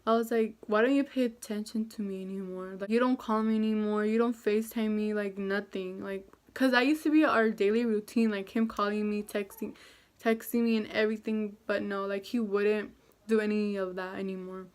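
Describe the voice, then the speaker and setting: A woman's voice: medium pitch, steady tone, a little fast, clear, resonant tone. A young woman talking to camera in a casual storytime vlog, chatty and self-deprecating, with lots of fillers. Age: young adult. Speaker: vlogger.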